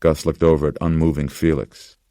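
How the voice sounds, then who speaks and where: A man narrating a horror audiobook in a steady, even reading. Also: very deep voice, a little fast, no echo, studio quality.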